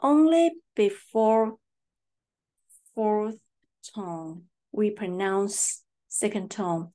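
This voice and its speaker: A woman with a Taiwanese accent, whose first language is Mandarin, teaching Mandarin tones in English and drilling words slowly and deliberately. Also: medium pitch, mellow. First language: Mandarin Chinese. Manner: slow and deliberate, repeating words for practice. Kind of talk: slow tone-drill lesson.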